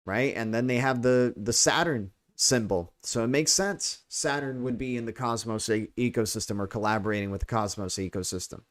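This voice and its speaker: A man's voice: medium pitch, moderate pace, few pauses. An American man casually commenting on crypto news in a chatty way, often asking "right?". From United States. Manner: chatty, keeps tagging on "right?" and "you know". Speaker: crypto channel host.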